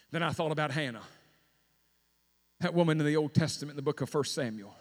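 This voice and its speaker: A man preaching a sermon, retelling stories with dramatic swings from shouts to hushed tones. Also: a little high. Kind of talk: sermon storytelling. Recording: long hall reverb.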